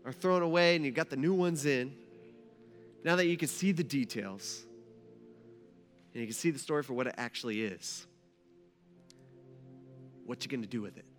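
Guy preaching a sermon, kinda high bright voice, gets hushed then fired up, faint music behind. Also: big-room sound. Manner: swings between hushed storytelling and rising emphatic passion. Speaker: pastor.

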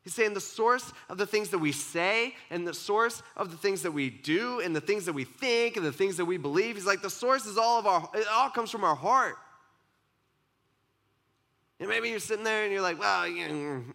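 Male pastor, conversational sermon, slightly high bright voice, playful asides. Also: lively intonation, moderate pace, vocal fry. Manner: conversational, acts out quoted voices, many asides. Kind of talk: casual sermon.

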